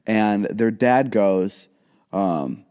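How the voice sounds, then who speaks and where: A man's voice: on the low side, expressive, drawn-out words, mellow, clear, resonant tone. A young man co-hosting a podcast, telling a long story in casual chat, rambling and animatedly quoting the people in it. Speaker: podcast co-host.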